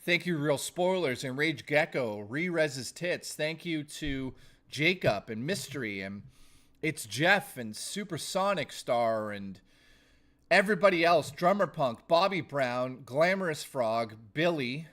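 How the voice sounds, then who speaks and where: Streamer with a strained, fading voice. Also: male voice, a little high, lively intonation, a little slow, fairly bright tone. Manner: rambling, thanks chat by name. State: losing his voice. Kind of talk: casual live-stream chat.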